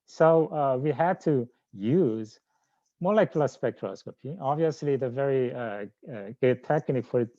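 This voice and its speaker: Man, Korean accent, academic lecture, halting with fillers, mellow tone, dull lo-fi recording. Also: medium pitch, dry recording. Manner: halting, frequent "uh" fillers and restarts. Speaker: scientist giving a research lecture. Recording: dull lo-fi sound.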